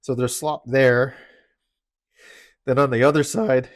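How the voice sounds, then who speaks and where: A man's voice: medium pitch, fairly even intonation, dry recording, clean studio sound. A man, out of breath in a cold, dim home garage, casually talking through car parts with lots of fillers and restarts. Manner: halting, filler-heavy explaining. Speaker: car enthusiast vlogger.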